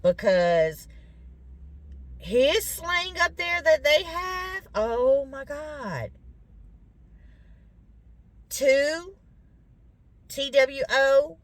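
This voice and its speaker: Southern lady vlogging, slow easy drawl, kinda congested, chatting to y'all. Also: high voice, animated, dry recording. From Louisiana, US. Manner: chatty, talks to viewers as y'all. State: congested, throaty from sinus drainage. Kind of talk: casual chat to viewers.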